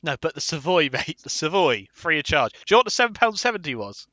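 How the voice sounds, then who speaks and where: A man co-hosting a podcast, bantering loudly and laughing often. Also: on the high side, big pitch swings, quick pace, dry recording. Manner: loud, laughing, puts on posh voices. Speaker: podcast co-host. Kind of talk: casual banter.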